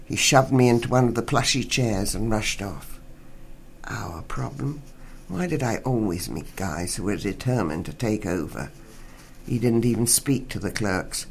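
Man reading a story, even and wry. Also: medium pitch, slight background noise.

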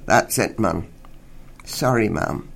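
رجل يؤدي صوت شرطي أجش عميق، يتكلم بإنجليزية مكسّرة ببطء وجفاف. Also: male voice, creaky, fairly bright tone, exaggerated voice. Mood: curt. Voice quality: deep rumbling voice, broken English. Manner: slow, clipped, dismissive. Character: gruff local male police officer, curt. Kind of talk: storytelling reading.

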